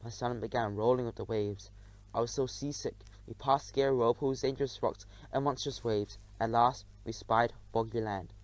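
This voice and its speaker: A man reads a children's adventure story aloud in the first person. He tells it with expressive drama. His voice sits in a middle register and is recorded close and dry. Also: mid-range voice, normal speed, no echo, poor audio. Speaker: audiobook narrator.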